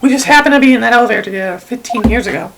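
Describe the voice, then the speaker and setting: A woman's voice: a little high, rapid-fire, gravelly, slight background noise, poor audio. A woman doing a haunted, grave young prosecutor. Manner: grave, quiet, somber. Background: game music.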